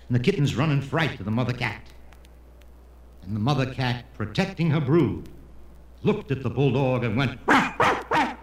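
A man doing stand-up, telling jokes as an animated storyteller who keeps slipping into character voices. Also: mid-range voice. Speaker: comedian. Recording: echoey room, faint background noise.

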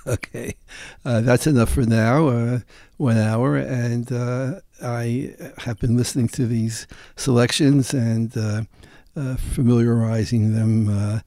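A man hosting a radio show, talking casually and hesitantly with many pauses and "uh"s. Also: mid-range voice, fairly even intonation, dark tone, no echo. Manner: hesitant, full of "uh"s, amused. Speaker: radio host.

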